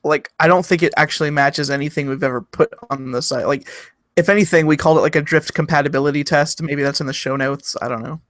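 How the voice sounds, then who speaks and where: Young man, podcast co-host, fast talker, teasing, opinionated, dry close mic. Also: fairly high pitch, fairly even intonation, fairly bright tone, dry recording. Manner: teasing, opinionated, talks in quick bursts. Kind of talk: casual chat.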